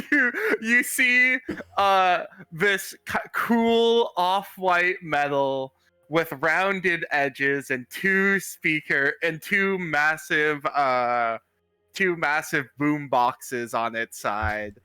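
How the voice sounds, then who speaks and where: A man player slowly describes his character in a tabletop game, restarting his sentences as he goes. His voice is bright and crisp, and the sound is dry and close. Soft music plays under him. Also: on the high side, dry recording. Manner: jokey, halting description.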